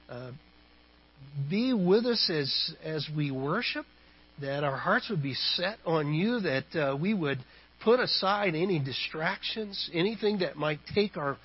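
Husky, slow-speaking male pastor. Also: fairly high pitch, lo-fi sound. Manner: halting, many fillers and restarts. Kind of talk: sermon with prayer.

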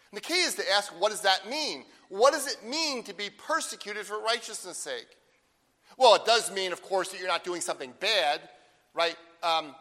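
A man preaching a sermon as pastor, asking the congregation "right?" and reading scripture slowly and deliberately. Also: sits high, bright, forceful tone, long reverb tail.

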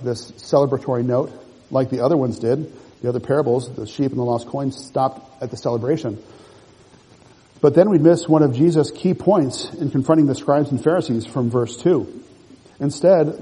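A man's voice: medium pitch, warm tone, husky, big-room sound, rough recording. A man preaching a sermon, working through a passage verse by verse and explaining it to the congregation. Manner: measured expository preaching, rereads and explains verses. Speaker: pastor.

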